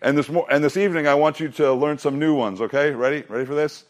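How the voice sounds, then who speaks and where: A middle-aged man preaching to a student youth group. He says the memory lines slowly with emphasis and drops in joking asides. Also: on the high side. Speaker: student ministry pastor.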